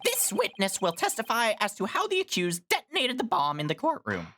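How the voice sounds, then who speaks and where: A woman's voice: a little high, huge pitch swings, fairly bright tone, pitched above the performer's own voice, exaggerated voice. A woman doing a pompous sneering prosecutor. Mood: formal. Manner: haughty, theatrical, drawn-out emphasis. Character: smug young male prosecutor, pompous and sneering. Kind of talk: live-stream game dub.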